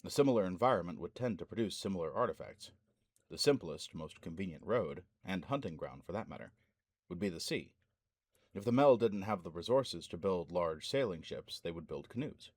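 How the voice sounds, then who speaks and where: Deep-voiced man reading a fantasy novel. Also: big pitch swings, normal speed, darkish tone, no room sound, clean studio sound. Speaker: audiobook narrator.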